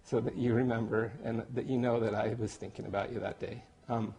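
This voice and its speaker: A man recording a heartfelt, halting birthday message to his best friend, getting emotional and joking at himself. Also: medium pitch, fairly even intonation, gravelly, dark tone, breathy edge. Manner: emotional, halting, self-deprecating. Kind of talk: personal video message. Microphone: camera.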